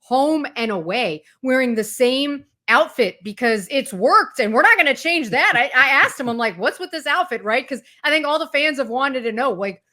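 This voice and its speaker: A woman's voice: high-pitched, animated, moderate pace, hardly any pauses, bright, forceful tone. A woman sports reporter, a guest on a sports talk show, explaining in fluent detail and retelling anecdotes with energy. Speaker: college football reporter, guest.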